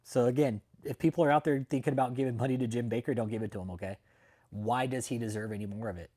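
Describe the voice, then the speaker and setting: A man's voice: medium pitch, fast talker, dark tone. Profane, mocking livestream host, a man. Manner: profane, mocking, laughs often; greets chat viewers by name. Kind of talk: casual livestream commentary.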